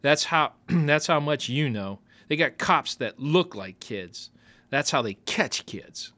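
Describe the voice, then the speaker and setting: A man voicing a rough, bossy young runaway boy who taunts and growls. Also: a little high, animated, takes it slowly, bright, forceful tone, heavily acted. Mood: taunting.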